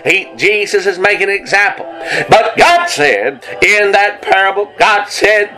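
A man preaching an impassioned revival sermon, swinging between urgent bursts and slow, drawn-out lines. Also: high-pitched, pushed and bright, faint music behind, rough recording.

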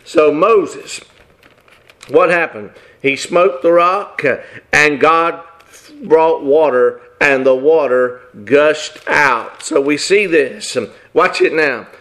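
Emphatic folksy preacher, higher-pitched man. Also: slow pace, fairly bright tone. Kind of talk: sermon.

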